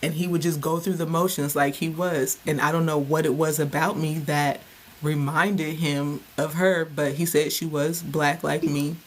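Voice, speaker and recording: A woman who works as a caregiver, chatting in a relaxed way with trailing restarts. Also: low-pitched, normal speed. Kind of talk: casual chat.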